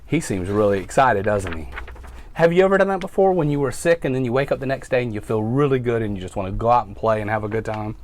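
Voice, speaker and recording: A man who is a firefighter reads a picture book to young children and asks them questions along the way. His pitch rises and falls in a lively storytime manner. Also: fast talker.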